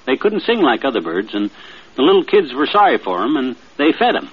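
Brief: homespun yarn-spinner, husky and sing-song, dull old broadcast sound. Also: male voice, medium pitch, a little fast. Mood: folksy. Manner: folksy, drawling, lively storyteller. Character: folksy middle-aged man spinning a bedtime tale. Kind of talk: storytelling in a radio comedy. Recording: dull 1950s radio transcription.

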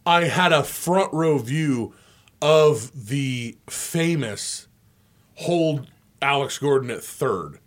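Speaking extremely slowly in a mid-range voice, a man co-hosts a sports radio show and spins a long, animated story. He laughs often and performs the quoted voices himself.

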